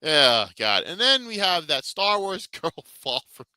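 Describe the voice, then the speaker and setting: A man rants through a profane commentary chat, heated and mocking. His voice is sharp and bright and swings widely in pitch. The sound is close and dry. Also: very animated, measured pace, smooth, no room sound. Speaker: podcast host.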